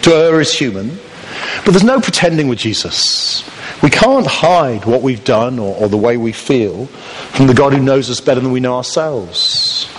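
A man's voice: mid-range voice, animated, moderate pace, a little hiss or hum. A man preaching a sermon in a church, telling stories in a conversational way with playful asides. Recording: long reverb of a church hall.

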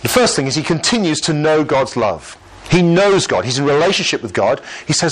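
Lively man preaching a sermon. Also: a little high, brisk, rough recording. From Lancashire, England. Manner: lively, conversational preaching with rhetorical questions and light humour.

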